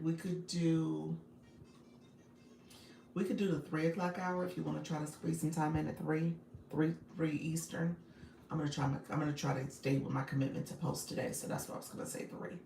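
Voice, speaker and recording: An upbeat woman coaches her viewers on a live stream, repeating her points and calling people by name. Her low voice has a gravelly edge. She sounds a little distant from the mic, in an echoey room with faint background noise. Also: a little mellow. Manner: upbeat, repetitive, laughs often, addresses viewers by name. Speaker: livestream coach and host. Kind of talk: live-stream coaching talk, reading chat.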